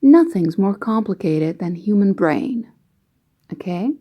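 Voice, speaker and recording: A woman explaining English grammar rules slowly and patiently, giving example sentences as an online teacher. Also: medium pitch, lively intonation, lo-fi sound. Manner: slow, careful, patient explaining.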